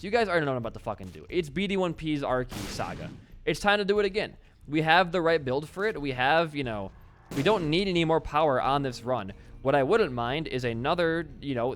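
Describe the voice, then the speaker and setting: Lively, excitable man commentating a game. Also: a little high, slight background noise. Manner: excitable, swears freely, talks at the game. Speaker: gaming channel host. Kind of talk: live gameplay commentary.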